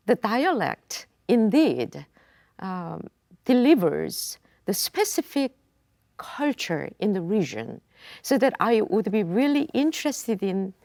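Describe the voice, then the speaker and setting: Slow, gravelly-voiced woman panelist. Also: medium pitch, no room sound, clean studio sound. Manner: thoughtful, measured, with frequent ums and soft laughs. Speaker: roundtable panelist. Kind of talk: panel discussion. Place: video studio.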